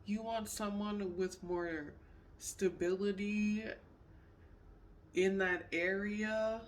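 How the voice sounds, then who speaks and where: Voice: mid-range voice, fairly even intonation, extremely slow, recorded from a distance, a little hiss or hum. A tarot reader giving a casual pick-a-card reading, emphatic and repetitive. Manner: repetitive, emphatic, says "period" often.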